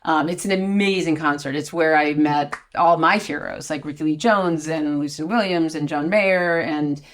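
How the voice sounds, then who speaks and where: A woman, an actor guest on a podcast, telling anecdotes in a lively way, stammering and laughing as she retells events. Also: low voice, moderate pace.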